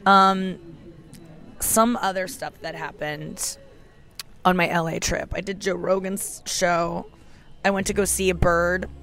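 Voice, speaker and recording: A woman's voice: fairly low pitch, level tone, takes it slowly, long pauses, a bit bright. A woman in her thirties with a sore throat, hosting a casual, candid solo podcast from an airport gate. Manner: chatty, candid and self-mocking, swears freely. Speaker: podcast host. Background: music playing faintly.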